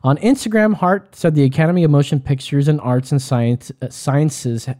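A man's voice: a little high, moderate pace, mellow. A man co-hosting a casual podcast, reading news stories aloud with stumbles and joking asides. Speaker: podcast co-host.

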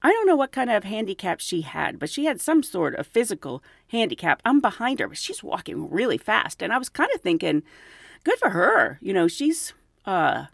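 A woman's voice: mid-range voice, moderate pace, vocal fry, no echo, clean studio sound. A middle-aged woman, a flight attendant, telling stories in a casual chat and acting out the people she quotes. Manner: animated, acts out quoted voices.

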